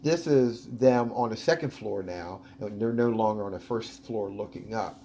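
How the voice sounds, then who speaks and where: A man's voice: lowish voice, moderate pace, mellow, slight background noise. A man hosting a video, talking casually and eagerly over footage, with lots of ums and restarts. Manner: chatty, enthusiastic, many ums. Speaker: video host analyzing footage.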